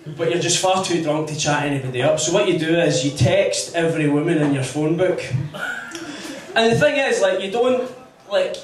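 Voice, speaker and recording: A man's voice: fairly high pitch, animated, normal speed. A Scottish man doing a stand-up routine in a rambling, confessional way. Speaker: stand-up comedian. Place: comedy club stage. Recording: echoey venue from far off.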